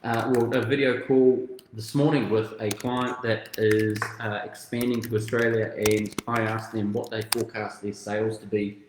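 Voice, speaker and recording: A man's voice: lowish voice, level tone, normal speed, hardly any pauses, heavy reverb, noisy background. A man with a New Zealand accent, chatting casually and bluntly about business as podcast host. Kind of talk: casual chat.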